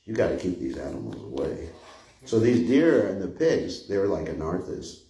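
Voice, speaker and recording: A man's voice: deep voice, very animated, moderate pace, dark tone. An older man giving an informal scripture class, rambling and conversational, often chuckling. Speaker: spiritual teacher giving a class. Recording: echoey room.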